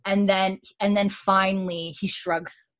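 A woman's voice: medium pitch, level tone, unhurried, a bit bright. A woman casually recapping a TV episode, acting out the characters' lines, swearing and laughing as she goes. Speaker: podcast co-host recapping a TV episode. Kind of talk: casual chat, animated retelling.

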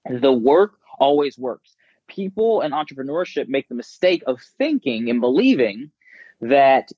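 A man who works as a business coach, talking casually and telling stories with lively impressions of others. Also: mid-range voice, no echo, lo-fi sound. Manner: animated storyteller, mimics voices. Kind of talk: casual conversation.

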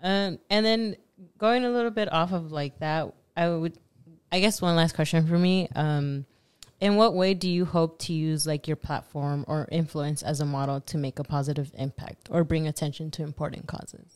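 A woman's voice: low voice, fairly even intonation, moderate pace, few pauses, darkish tone, smooth. A woman hosting a podcast, chatting in an easygoing way and asking the guest questions. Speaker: podcast host and interviewer. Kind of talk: casual podcast chat.

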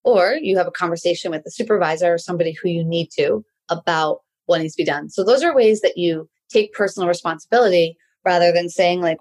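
A woman coaching listeners in a relaxed solo talk, often checking in with "right?". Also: on the low side, fast, hardly any pauses. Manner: conversational, tags many sentences with "right?". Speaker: life coach.

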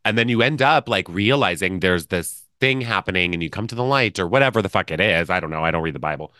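A man in casual conversation, musing in a relaxed way and trailing off as he thinks aloud. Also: deep voice, fast, no echo, studio quality.

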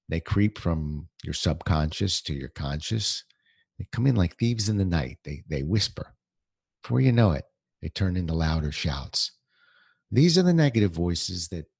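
Deep gravelly guy doing a chatty pep talk podcast from home, lots of ums and restarts, bouncy lively delivery. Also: no echo, studio quality. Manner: conversational, plenty of fillers and restarts. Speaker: podcast host. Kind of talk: solo motivational talk.

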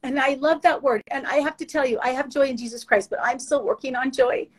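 A woman giving a heartfelt, earnest faith testimony, emotional and halting with restarts. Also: sits high, steady tone, poor audio. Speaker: guest sharing faith testimony.

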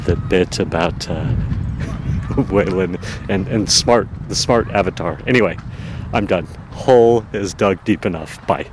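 A deep-voiced man hosts a podcast outdoors in a town, speaking at a measured pace against a noisy background. His talk is a rambling personal monologue, laced with fillers and self-deprecation.

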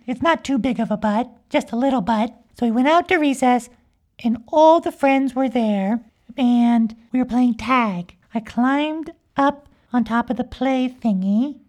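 High-pitched voice, childlike young unicorn girl, giggly, rambling, mischievous, as a woman plays her. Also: a little mellow. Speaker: podcast character. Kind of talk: improvised comic storytelling.

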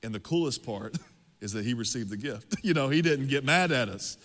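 A man preaching, telling a personal story in a lively, conversational way to his congregation. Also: medium pitch, normal speed. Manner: animated, conversational storytelling with laughs. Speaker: pastor. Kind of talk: sermon storytelling. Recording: long hall reverb.

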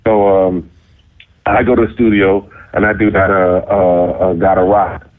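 A middle-aged man telling a story in casual talk, cocky and animated, jumping into high squeaky voices for the people in it. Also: normal speed. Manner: cocky, self-mocking. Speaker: interview guest. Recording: phone-like narrow sound.

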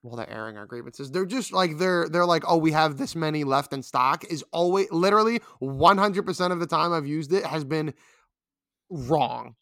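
A man's voice: on the high side, normal speed, fairly bright tone, no room sound, studio quality. A young man co-hosting a casual podcast, rambling and complaining with lots of fillers. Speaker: podcast co-host.

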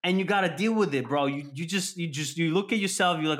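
A man chatting casually on a podcast, animated and swearing constantly as he acts out scenes. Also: on the high side, quick pace. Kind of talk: casual profane chat.

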